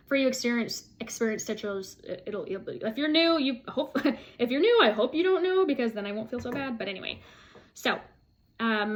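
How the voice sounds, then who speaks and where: A woman's voice: a little high, a little hiss or hum. A woman vlogging casually to camera, chatty and self-deprecating, with frequent fillers and laughs. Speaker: flosstube vlogger.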